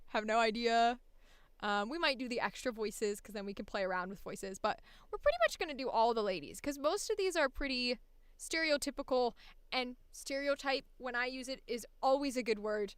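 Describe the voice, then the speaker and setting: A chatty woman voice actor talks shop in a bright, ringing voice that sits a little high. Her tone is crisp and smooth, and she is animated and quick to laugh. The sound is close and dry. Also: no room sound. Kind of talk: casual chat about voice acting.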